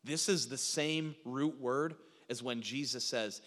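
A man preaching a sermon, animated, acting out quoted lines, with frequent restarts. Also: mid-range voice, measured pace, few pauses. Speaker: pastor. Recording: reverberant hall sound.

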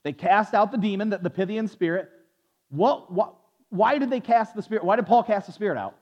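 Teaching a Bible study, this preacher delivers a sermon briskly in a voice that sits high for a man, tripping over repeated words, restarting sentences and stopping to quiz his listeners. The audio is muffled, lo-fi and dull, with the sound of a large room.

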